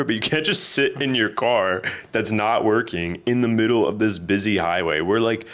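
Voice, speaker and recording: A man co-hosting a podcast, telling stories in a casual, animated way and laughing often. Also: lowish voice, normal speed, hardly any pauses. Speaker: podcast co-host. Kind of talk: casual storytelling chat.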